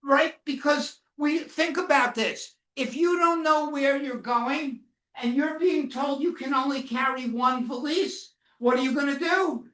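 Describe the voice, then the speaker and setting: Woman, high voice, unhurried. Solemn first-person testimony to students with audience questions. Mic far off in an echoey room. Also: a bit bright. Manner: questions the audience often and waits for answers; slow, solemn storytelling. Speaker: Holocaust educator speaking to students. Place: classroom or lecture hall.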